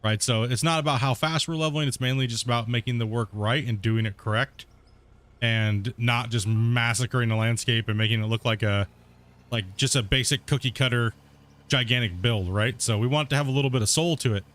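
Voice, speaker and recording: Man, gaming streamer, mid-pitched, laid-back, rambling, casual live chat, home setup. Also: a little fast, a bit bright. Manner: reads out and answers viewer chat.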